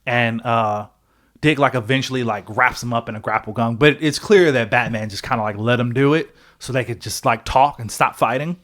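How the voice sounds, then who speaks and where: A young man with an ordinary mid-range voice chats on a podcast. He rambles through a story excitedly, stacking fillers and the odd swear word, like a buddy catching a friend up. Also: medium pitch. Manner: excited, rambling retelling with many fillers and profanity. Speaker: podcast co-host. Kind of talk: casual podcast chat.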